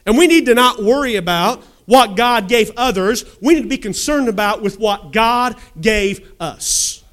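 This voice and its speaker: Brief: high-pitched male preacher, emphatic sermon delivery, calls for amens. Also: lively intonation, unhurried, fairly bright tone. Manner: emphatic, asks the congregation questions and calls for amens.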